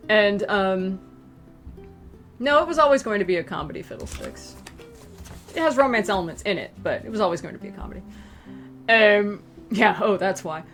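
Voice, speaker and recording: A woman's voice: brisk, soft background music. A woman telling a long casual story on a livestream, acting out her friends' lines in shifting voices. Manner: animated, acts out quoted friends in higher and lower voices. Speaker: webcomic creator hosting a Q and A stream.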